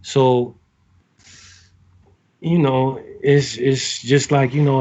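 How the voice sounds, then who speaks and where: A man's voice: mid-range voice, level tone, drawn-out words, a little mellow, lo-fi sound. A man, a navy sailor, giving casual advice to recruits, talking in a rambling way with many fillers and restarts.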